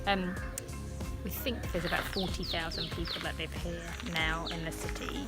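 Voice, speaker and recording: A woman's voice: fairly low pitch, fairly even intonation, normal speed, over loud music. A woman travel vlogger chatting casually outdoors, thinking aloud with frequent ums. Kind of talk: casual travel vlog commentary.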